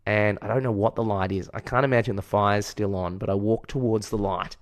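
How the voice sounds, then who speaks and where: In a dry recording, an Australian man with a lowish voice and fairly even intonation speaks a little fast. As a podcast co-host in casual chat, he tells a long story candidly, profanely and self-deprecatingly.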